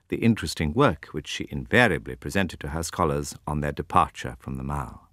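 A man with a low voice narrates a classic novel, measured and expressive. His pitch moves a great deal from line to line. The recording is dry and close, with no room sound. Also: dry recording. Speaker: audiobook narrator.

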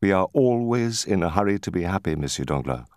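A man's voice: deep voice, expressive, brisk, a little mellow, clear, resonant tone, dry recording, studio quality. A man voicing an earnest, courteous young sailor full of happy eagerness.

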